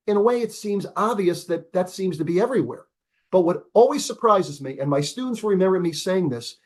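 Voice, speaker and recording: An energetic man in his seventies with a notably high voice teaches over a video call. He stresses key words, repeats them, and poses rhetorical questions to his listeners in a professor's lecturing style. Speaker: business school professor.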